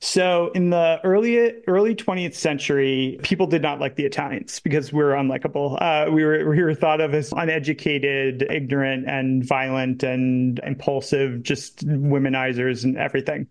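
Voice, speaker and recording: A man's voice: fairly high pitch, fairly even intonation, normal speed, hardly any pauses. A man co-hosting a podcast, explaining film history casually with lots of filler words. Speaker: podcast co-host.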